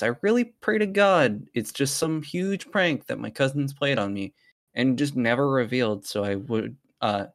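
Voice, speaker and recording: A man hosting a podcast who reads a horror story aloud in a casual, profane way and breaks off to chat. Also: medium pitch. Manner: profane, breaks off into side chatter. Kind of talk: casual story reading with banter.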